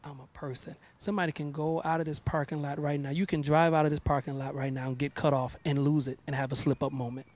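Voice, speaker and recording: In a casual interview, a gospel artist in his thirties sounds animated and preachy, frequently repeating words at the start of sentences. His voice is a little high, and he talks fast with few pauses.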